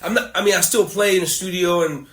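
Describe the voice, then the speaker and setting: High bright-voiced man telling animated stories. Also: fast. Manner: animated storyteller who laughs often. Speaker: podcast host and musician. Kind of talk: casual conversation. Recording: roomy echo.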